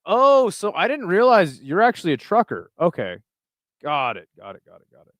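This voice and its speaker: A man's voice: sits high, wildly swooping pitch, moderate pace, fairly bright tone, no echo, studio quality. A man hosting a casual live chat, reading and reacting to viewer messages in a loose, laid-back way with plenty of swearing. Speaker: livestream host reading chat.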